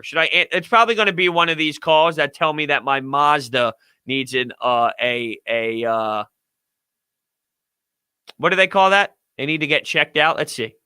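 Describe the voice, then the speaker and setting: A man's voice: a little high, animated, normal speed, sharp tone, smooth, no echo. A young man hosting a casual sports podcast, ranting and joking with frequent laughs. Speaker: podcast host.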